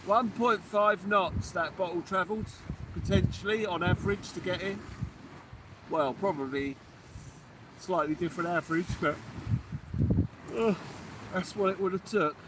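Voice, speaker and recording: A man's voice: high-pitched, a little slow, long pauses, background noise. A man hosting a live fishing stream outdoors at night, chatting and answering viewer comments. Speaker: fishing channel host. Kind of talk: casual live-stream chat.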